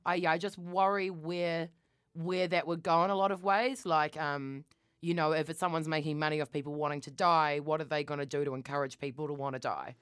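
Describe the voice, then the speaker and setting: A woman's voice: low voice, fairly even intonation, fairly quick, smooth, no echo, clean studio sound. A young woman co-hosting a podcast in casual chat, fiery and swearing a lot as she gets worked up. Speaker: podcast co-host.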